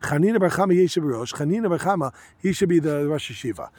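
A man teaching a Talmud class, reading Aramaic phrases in quick bursts and then explaining them in casual, conversational English with rhetorical questions. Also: a little high, animated, darkish tone, no echo.

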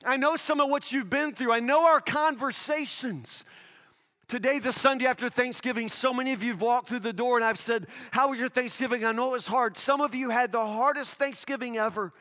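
A man's voice: very high-pitched, a little fast, bright, forceful tone, big-room sound. A man pastor preaching a sermon, telling a story and then pressing his point with emphatic questions. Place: church sanctuary.

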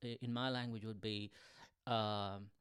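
A man with an Indian accent, a podcast guest who speaks hesitantly with lots of pauses. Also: lowish voice, little pitch movement, clear, resonant tone, dry recording, clean studio sound. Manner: hesitant, soft-spoken, lots of ums. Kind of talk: casual podcast chat.

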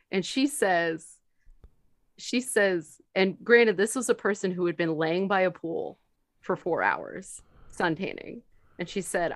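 A woman hosting a casual podcast chat, telling lively stories and laughing often. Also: fairly low pitch, normal speed, no echo, studio quality. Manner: animated storyteller, laughs a lot. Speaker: podcast host.

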